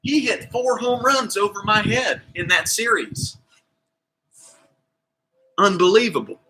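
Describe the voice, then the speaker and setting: A man's voice: high-pitched, takes it slowly, poor audio. A man coaching a kids' PE class, telling a story with lots of energy and acting out the characters. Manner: energetic, theatrical, plays voices of characters. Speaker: kids PE coach. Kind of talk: animated storytelling to kids.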